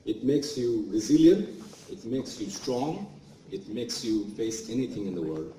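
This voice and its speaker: A guest speaker in his forties with a Bangladeshi accent gives a motivational speech in a large event hall, recorded from a distance with an echoey sound. His medium-pitched voice is animated, unhurried and mellow as he tells stories and acts out what others said to him.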